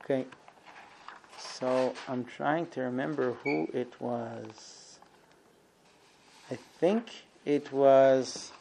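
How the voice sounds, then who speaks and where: Guy teaching a talmud story, lots of ums, keeps correcting himself, middle voice. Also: medium pitch. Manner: halting, many ums and self-corrections, lively when quoting. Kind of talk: retelling a Talmud story to a class.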